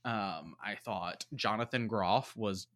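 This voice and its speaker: A man's voice: on the low side, slow pace, fairly bright tone. A man casually reviewing a movie on a podcast, rambling with lots of fillers. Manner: rambling, many fillers and likes. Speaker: podcast co-host.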